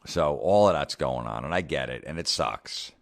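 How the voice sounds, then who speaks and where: A comedian hosting a podcast, telling a blunt, profane story in a casual rant. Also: male voice, rumbling low, lively intonation, moderate pace, creaky.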